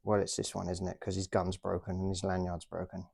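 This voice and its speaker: Man, toy collector host, chatty, self-deprecating, mellow dark tone, dry sound. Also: sits low, completely flat delivery, a little fast, creaky, few pauses, no room sound. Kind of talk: casual show-and-tell.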